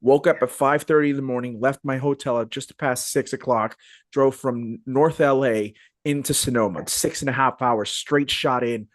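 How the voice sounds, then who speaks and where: A man hosting a podcast in casual, animated chat, full of fillers and restarts, over a video call. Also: mid-range voice, normal speed, dry recording. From Phoenix, Arizona area. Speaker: podcast host. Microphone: video call podcast mic.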